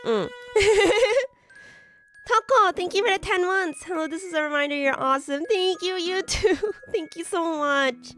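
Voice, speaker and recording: A young adult woman streamer, a bit hoarse from being sick, chatting with viewers while building models, giggly and full of filler words. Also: very high-pitched, measured pace, fairly bright tone, soft background music.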